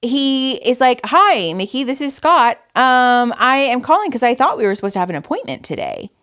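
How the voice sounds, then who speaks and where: A woman's voice: high voice, normal speed, clear, resonant tone. A woman hosting a podcast, telling a story in casual chat, swearing often and acting out what people said. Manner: animated storyteller, swears often, acts out quotes. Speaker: podcast host.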